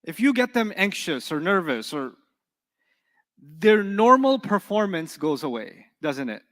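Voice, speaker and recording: A man's voice: high-pitched, big pitch swings, a little slow, a bit bright. A man teaching an Arabic class in a conversational, encouraging way, often asking his students questions. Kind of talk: classroom lecture. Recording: long hall reverb.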